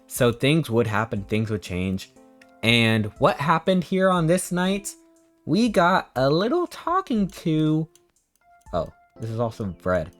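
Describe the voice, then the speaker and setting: A man's voice: mid-range voice, unhurried, soft background music. Sarcastic man recapping a trip. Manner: sarcastic, animated storytelling. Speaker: streamer. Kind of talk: casual stream recap.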